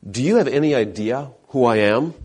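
A man's voice: medium pitch, a little fast, natural voice. A man doing an entitled angry passenger. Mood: demanding. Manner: demanding.

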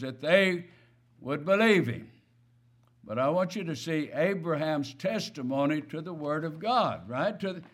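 A man preaching a sermon, stressing key words and asking his listeners rhetorical questions. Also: on the high side.

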